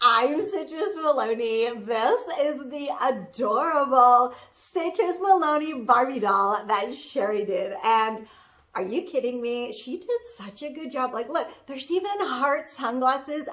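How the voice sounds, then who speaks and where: A woman's voice: high voice, measured pace, fairly bright tone. A woman playing a bubbly, trendy young social media manager who talks in valley-girl style, peppered with "like" and "totally", in a comedic character monologue. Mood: gushing.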